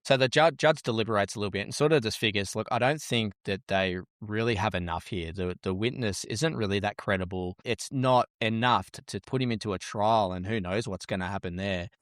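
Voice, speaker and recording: A man's voice: fairly low pitch, a little fast, hardly any pauses, no room sound, clean studio sound. A man hosting a podcast, blunt and jokey, swearing freely. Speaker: podcast host. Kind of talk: casual podcast chat.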